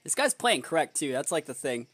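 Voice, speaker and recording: A little high, sing-song, a little fast, a bit bright and husky, this young man's voice has no echo around it. As a competitive player and video creator, he narrates his thinking during a match, dissecting the opponent's moves under his breath and occasionally bursting out in frustration.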